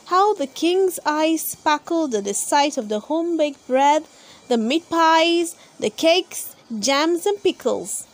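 A woman reading a children's storybook aloud in an expressive storytelling manner. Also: high voice, slow. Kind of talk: read-aloud storybook narration.

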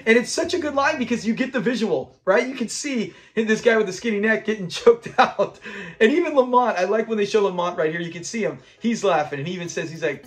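A young man hosts a casual episode breakdown, talking in a fairly high voice. He retells scenes with real enthusiasm and laughs along. Faint music sits underneath. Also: fast. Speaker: host of a classic TV episode breakdown channel.

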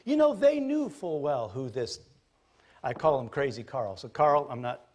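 A man, a pastor, preaching a sermon in an animated, jokey storytelling manner. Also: mid-range voice, unhurried.

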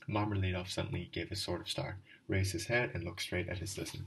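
A man narrates a classic novel in a measured, unhurried reading, stumbling now and then. His voice is deep and low. He sits a little back from the microphone. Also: fairly even intonation, a bit bright, recorded from a distance, slight background noise, rough recording. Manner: measured reading with occasional restarts. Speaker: audiobook reader. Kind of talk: literary audiobook narration.

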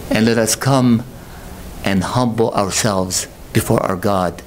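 A male pastor delivering a sermon, questioning his congregation and rising to slow, emphatic peaks. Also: a little hiss or hum. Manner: impassioned, swells to high emphatic peaks, slow drawn-out stresses; calls out rhetorical questions to the congregation.

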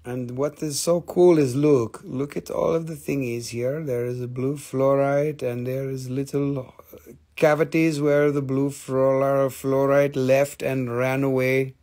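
A man with an Appalachian American accent hosting a casual live crystal sale, chatty and excitable, swearing and reading out buyer claims. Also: medium pitch, a little slow. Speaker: live-stream crystal seller.

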